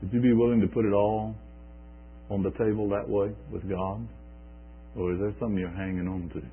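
A man preaching a sermon, retelling scripture in a conversational way with halting restarts. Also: lowish voice, flat delivery, slightly rough. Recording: tinny phone-like recording.

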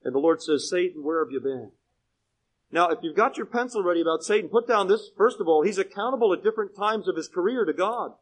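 A man preaching a Bible sermon, telling stories and asking his congregation questions, and swinging from hushed asides to loud, emphatic points. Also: high voice, animated, fast talker, hardly any pauses, poor audio. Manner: conversational storytelling with direct questions to the congregation. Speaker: pastor. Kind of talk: expository sermon.

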